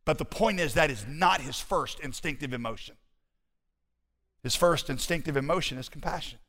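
Male pastor, sermon, fairly high voice, lively conversational preaching, long hall reverb. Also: normal speed.

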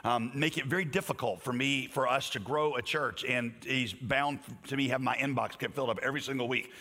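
A man's voice: mid-range voice, fairly even intonation, a little fast, sharp tone. A man preaching a sermon as pastor, joking and conversational, then lifting his voice for the scripture he reads. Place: church sanctuary. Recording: long hall reverb from a church.

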